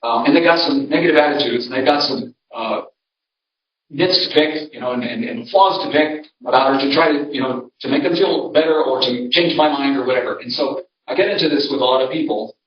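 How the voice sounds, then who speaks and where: A man's voice: medium pitch, fairly quick, a little hiss or hum. An older man, a pastor, giving a conversational seminar talk in a church and telling homespun stories with many restarts. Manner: conversational, storytelling, frequent restarts. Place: church hall. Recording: roomy, distant, dull sound.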